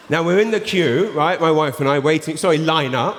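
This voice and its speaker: A man's voice: on the high side, a little fast, hardly any pauses, background noise. An English man in his thirties performing a stand-up set, animatedly telling a story and acting out the people in it. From England. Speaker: stand-up comedian. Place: large theatre before a laughing audience. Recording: roomy theatre echo with long reverb.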